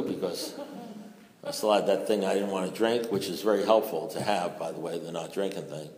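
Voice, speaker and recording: An older man speaking at a recovery meeting, telling a profane, joking story and acting out both sides of the conversation. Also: fairly low pitch. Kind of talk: storytelling talk to an audience. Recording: roomy hall with long echo.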